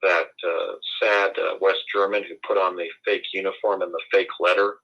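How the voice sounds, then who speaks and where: A man's voice: low voice, little pitch movement, normal speed, creaky, breathy edge, highs cut off. A man from the United States, speaking as an interview guest in an emphatic, formal and indignant way. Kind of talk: conversational interview.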